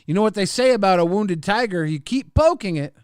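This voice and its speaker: A man's voice: sits high, animated, fairly quick, clean tone, no room sound. A man hosting a casual live stream, reading chat aloud and teasing his co-hosts.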